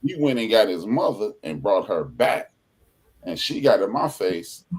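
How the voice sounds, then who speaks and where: A man with a low voice hosting a podcast in loose, casual conversation. His pitch swings widely as he tells stories with energy. He slips into the voices of the people he quotes. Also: unhurried, husky. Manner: animated storytelling, acts out quoted people. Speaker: podcast host. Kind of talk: casual chat.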